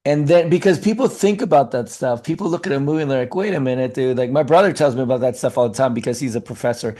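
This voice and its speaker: Middle-aged actor dude chatting in an interview, mellow warm voice, lots of um and like. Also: male voice, mid-range voice. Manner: animated, talks fast with many fillers and restarts. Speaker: actor and acting coach. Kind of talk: casual interview chat.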